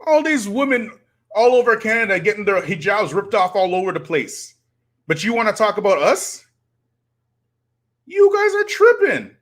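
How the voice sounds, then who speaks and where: A man's voice: sits high, big pitch swings, moderate pace, pauses often, a bit bright. A man, hosting a live stream and preaching to his audience with rhetorical challenges. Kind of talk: impassioned live-stream commentary.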